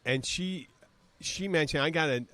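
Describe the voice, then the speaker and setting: A man's voice: on the high side, a little slow, sharp tone. A man in his fifties from the southern United States hosting a podcast, rambling through stories in casual chat and mimicking voices as he retells them. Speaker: podcast host.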